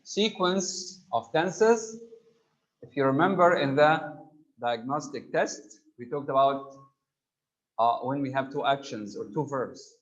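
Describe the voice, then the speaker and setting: A man's voice: mid-range voice, slow pace, highs cut off. A man teaching an online English grammar class, explaining terms and checking in with students. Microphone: computer mic on a video call.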